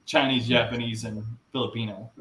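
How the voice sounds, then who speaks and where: A man's voice: medium pitch, level tone, fairly quick, bright, forceful tone. A man talking as a podcast guest, telling blunt, rambling anecdotes in casual chat. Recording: roomy echo.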